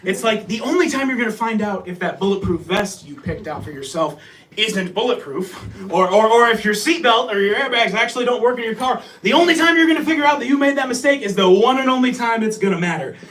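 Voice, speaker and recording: A man doing a crude, rambling stand-up comedy set, often shouting and laughing. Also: sits high, expressive, fairly quick, distant mic. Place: small comedy venue.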